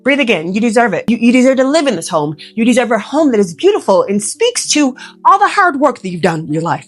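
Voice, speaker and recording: A woman, a professional organizer, giving earnest, emotional and gently reassuring advice straight to the viewer. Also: sits high. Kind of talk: heartfelt direct-to-camera advice.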